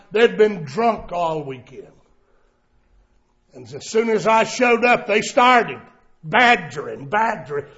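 High-voiced preacher guy, slow and emphatic, shouts the verses, muffled old tape. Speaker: pastor. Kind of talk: sermon.

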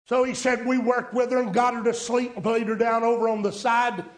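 A preacher with a notably high voice tells a story to his congregation. He speaks plainly and pleads with his listeners, and his voice rings in a roomy, echoing space. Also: flat delivery, a little fast. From rural United States. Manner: storytelling preacher, rising to emphatic pleas. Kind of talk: sermon.

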